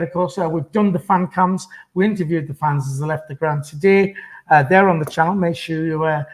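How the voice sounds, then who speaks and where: A man hosting a casual post-match fan chat, rambling with lots of ums and uhs. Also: fairly high pitch. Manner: rambling with many fillers. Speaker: fan channel host.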